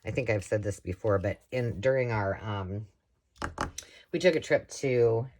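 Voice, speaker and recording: A woman's voice: a bass voice, measured pace, a little mellow, slight background noise. A woman talks casually while she crafts, rambling from one thought to the next. She laughs often and keeps a loose, conversational flow. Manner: chatty, rambling, with frequent laughs. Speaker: craft vlogger.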